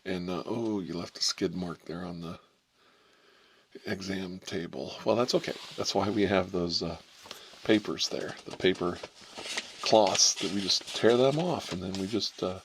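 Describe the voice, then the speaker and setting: A man's voice: low voice, creaky, background noise. A man from Ohio hosting a comedic ASMR role-play as an examining doctor. He is a rambling, irreverent storyteller who keeps digressing and laughing at his own jokes. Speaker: channel host playing an examining doctor. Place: indoors, smoking a cigarette.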